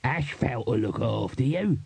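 Man reading a wheedling male hustler in a fantasy audiobook, dark, husky voice, dry sound. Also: medium pitch, expressive, slow pace, no room sound, heavily acted. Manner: wheedling, soothing. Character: smooth-talking male street trader and promoter. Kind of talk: audiobook character voice.

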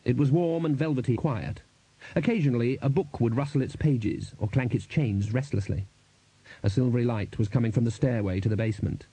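A man narrating an audiobook in a lively, expressive reading on a close studio mic. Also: medium pitch, a little fast, husky, no room sound, low-quality recording.

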